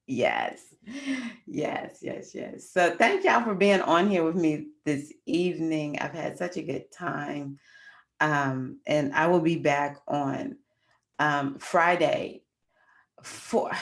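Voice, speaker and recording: Middle-aged female host, low gravelly voice, casual, talks to her viewers as y'all. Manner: chatty, addresses viewers as y'all. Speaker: astrology livestream host. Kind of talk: casual storytelling livestream.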